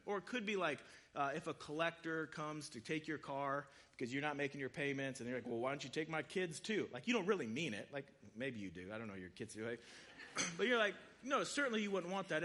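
Guy giving a sermon, chatty and casual, voice kinda high and bright. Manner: casual, conversational storytelling with quick voiced asides. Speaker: preacher. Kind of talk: sermon retelling scripture.

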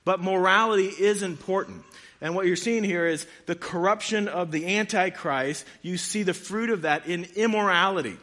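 A man's voice: high-pitched, normal speed, sharp tone. A man pastor giving a conversational sermon, reading scripture aloud and joking with his congregation.

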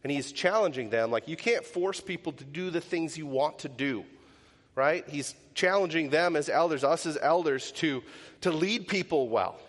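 A man's voice: on the high side, lively intonation, normal speed, big-room sound. A male pastor gives a casual, conversational sermon, asking his listeners rhetorical questions and often adding "like" and "right?".

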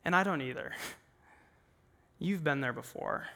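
Young male preacher, high and bright voice, earnest and conversational, long hall reverb. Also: lively intonation, measured pace, creaky. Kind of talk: sermon. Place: large worship room with an audience.

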